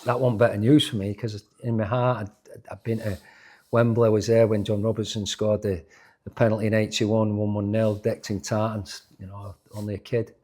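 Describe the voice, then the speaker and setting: A man's voice: fairly low pitch, little pitch movement, brisk, mellow. A man of around sixty, a former footballer telling stories in an interview, restarting and repeating words as he goes. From England. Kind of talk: storytelling in a sports interview.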